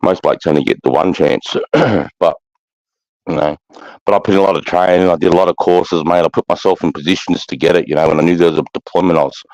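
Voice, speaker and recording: A man's voice: deep voice, fairly even intonation, quick pace, a little mellow, no echo, low-quality recording. A middle-aged Australian man, a former army sergeant, telling war stories in casual chat, bluntly and with constant swearing. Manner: blunt, heavy swearing, keeps adding "mate".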